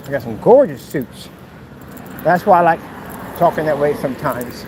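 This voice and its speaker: A man's voice: fairly high pitch, expressive, a little fast, long pauses. A man talking casually while walking outdoors, mocking and teasing in a playful way. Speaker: vlogger. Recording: outdoor traffic noise.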